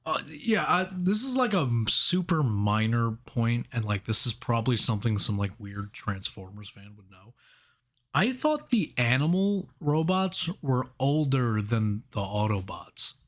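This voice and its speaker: A man's voice: medium pitch, very animated, measured pace, a bit bright. Podcast dude laughing a lot, trips over his words figuring out the plot. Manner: laughs often, stumbles and restarts while thinking aloud. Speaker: podcast co-host. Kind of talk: casual movie review chat.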